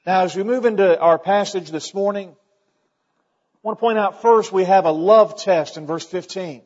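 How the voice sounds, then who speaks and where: A man's voice: high voice, unhurried, a little mellow, lo-fi sound. A middle-aged man preaching a sermon in a church, folksy in tone, building emphasis and quoting scripture. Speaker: pastor.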